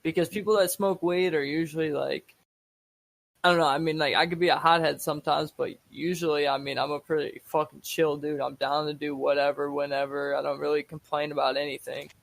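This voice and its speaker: A man's voice: fairly high pitch, level tone, fairly quick, gravelly. A young man co-hosting a podcast in casual chat, laid-back and rambling, swearing freely. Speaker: podcast co-host.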